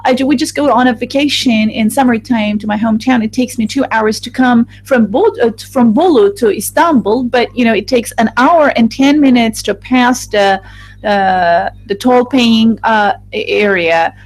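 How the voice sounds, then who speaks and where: Halting woman interpreting a group discussion. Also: fairly high pitch, poor audio. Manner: halting, with restarts and fillers. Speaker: voice-over interpreter for a focus group. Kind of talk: live interpreting voice-over.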